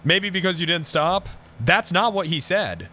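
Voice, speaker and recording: A man streaming a roleplay game in character, ranting excitably and swearing a lot. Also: high-pitched, measured pace, a little hiss or hum. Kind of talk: casual in-character roleplay chat.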